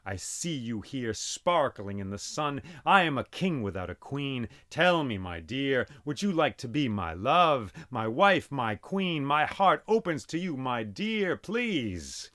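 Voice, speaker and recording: A man's voice: medium pitch, very animated, slow pace, hardly any pauses, fairly bright tone. A man voicing a lovestruck king who speaks in a tender, courtly way.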